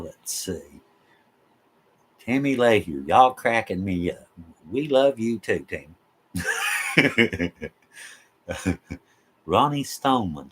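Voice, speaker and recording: Slow-talking easygoing man. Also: lowish voice. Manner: laughing a lot, easygoing and folksy. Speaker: live stream host. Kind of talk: casual live chat reading viewer comments. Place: at home.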